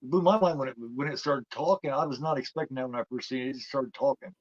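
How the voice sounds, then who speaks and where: A man co-hosting a film podcast, chatting excitedly and repeating words as he talks. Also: mid-range voice, fast talker, no room sound, muffled recording. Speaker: podcast co-host. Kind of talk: casual chat about a film.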